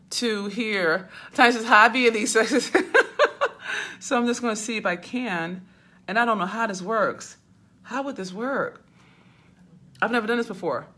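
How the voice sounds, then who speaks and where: Woman host, casual livestream patter, bright and forceful tone, phone mic at arm's length. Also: on the high side. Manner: chatty, fussy, laughing, talks to viewers by name. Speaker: business mentor hosting a livestream. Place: hotel suite. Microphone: phone held at arm's length.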